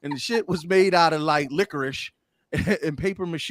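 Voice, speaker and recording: Man, casual podcast guest, playful animated storyteller, dry mic. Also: fairly high pitch, measured pace, dry recording. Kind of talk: candid casual chat.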